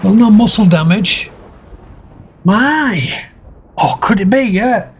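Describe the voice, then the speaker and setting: A man's voice: high voice, darkish tone, slight background noise. A man doing mocking, sarcastic commentary over video clips. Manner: mocking, sarcastic, drawn-out delivery. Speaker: commentary channel host.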